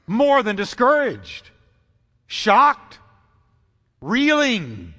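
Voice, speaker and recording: Emphatic high-voiced preacher in a hall. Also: male voice, animated, a little slow, bright, forceful tone. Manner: dramatic, emphatic preaching with repetition and sudden pitch swings. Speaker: pastor. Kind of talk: sermon. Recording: long reverb of a large hall.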